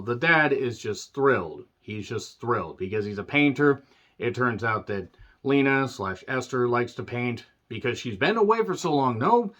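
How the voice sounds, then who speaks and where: A man ranting through a movie recap, sarcastic and profane, often clearing his throat. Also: mid-range voice, a bit bright, muffled recording. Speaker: movie reviewer.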